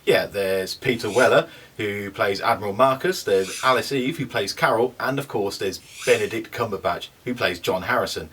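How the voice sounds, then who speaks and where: A man's voice: mid-range voice, a bit bright, breathy edge, recorded from a distance. A man co-hosting a casual film review, chatty and cheeky.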